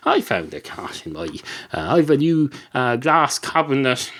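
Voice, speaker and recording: A podcast host rambling through a comic monologue, his pitch swinging lively up and down. He digresses constantly, hesitates with frequent filler sounds and swears casually. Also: unhurried.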